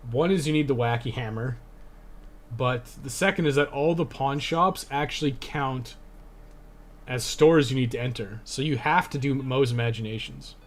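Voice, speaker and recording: A man's voice: medium pitch, moderate pace. A young man giving casual live-stream commentary over his speedrun at home, thinking aloud with lots of fillers. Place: home room.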